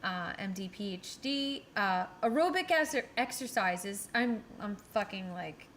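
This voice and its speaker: A woman's voice: medium pitch, animated, measured pace, fairly bright tone, a little hiss or hum. A woman co-hosting a casual podcast chat, blunt and swearing freely, laughing now and then as she talks. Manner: blunt, swears often, laughs mid-sentence. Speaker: podcast co-host.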